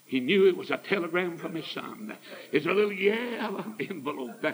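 A man's voice: fairly high pitch, lively intonation, moderate pace, rough recording. A man preaching a sermon in a folksy, fervent storytelling manner.

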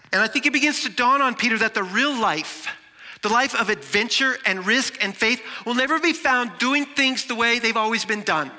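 A man preaching a sermon with dramatic delivery, shifting between loud and soft. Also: high voice, long reverb tail. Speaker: pastor.

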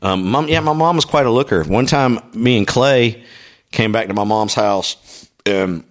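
A man's voice: fairly low pitch, a little slow. A middle-aged man co-hosting a podcast, swearing freely and telling funny stories while laughing a lot. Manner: profane, storytelling, laughs often. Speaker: podcast co-host. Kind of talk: casual comedic chat over beer tasting.

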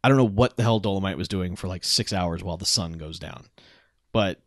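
A man co-hosting a casual podcast, recapping a movie in an animated way and laughing often. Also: low-pitched, brisk, dry recording, clean studio sound. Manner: animated storyteller, acts out bits, laughs often. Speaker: podcast co-host.

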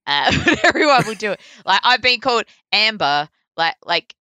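A woman with an Australian accent, a voice actor chatting casually in an interview, full of likes and ums and quick laughs. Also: medium pitch, sing-song, pushed and bright, no room sound. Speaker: voice actor guest.

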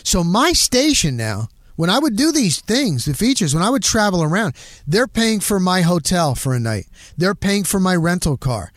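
A middle-aged man hosting a podcast, telling a story in a casual, animated way and punching it up with quick sound words. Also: high-pitched, no room sound, studio quality. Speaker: podcast host.

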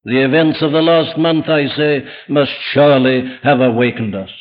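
A man's voice: on the high side, normal speed, hardly any pauses. Man preaching with rhetorical questions. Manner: emphatic, full of rhetorical questions. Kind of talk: evening sermon. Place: church before a congregation. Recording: dull lo-fi archive sermon recording.

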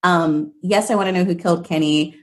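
Low-voiced hesitant woman co-host. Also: fairly even intonation, brisk. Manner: thoughtful, hesitant, trailing off. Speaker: podcast co-host. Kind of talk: casual chat reacting to a TV episode.

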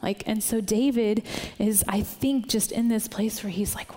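A woman delivering an informal church sermon at a mid pitch. Her tone is earnest and chatty, and she often checks in with her listeners as she goes. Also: steady tone, measured pace, mellow, in a large hall. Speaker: church speaker. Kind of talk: conversational sermon.

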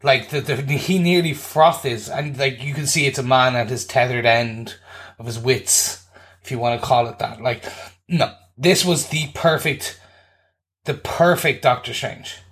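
A man's voice: mid-range voice, a little slow, fairly bright tone. A man co-hosting a podcast, giving his casual take on a movie in an emphatic, rambling way. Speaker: podcast co-host. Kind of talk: casual movie review chat.

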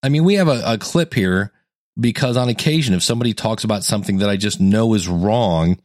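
Male podcast coach, lower voice, dry close mic, lively and conversational, acts out quotes. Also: brisk, no echo. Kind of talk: solo educational podcast monologue.

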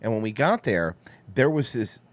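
男人讲故事，语调起伏很大. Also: male voice, on the low side, normal speed. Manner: crude, animated storytelling with acted-out quotes. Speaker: podcast co-host. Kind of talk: casual storytelling chat.

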